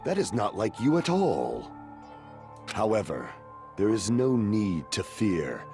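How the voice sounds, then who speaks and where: An actor playing a flamboyant young self-styled dark overlord in a game, with theatrical, grandiose declarations. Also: male voice, lowish voice, huge pitch swings, slow pace, exaggerated voice. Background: game music.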